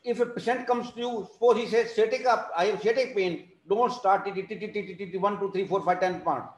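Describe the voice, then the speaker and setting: A high-pitched man lectures students over a video call and keeps repeating the points he wants them to remember. His phrasing is non-native, and the room around him rings with echo. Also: steady tone, fairly quick. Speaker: teacher of alternative therapy. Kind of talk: online class lecture.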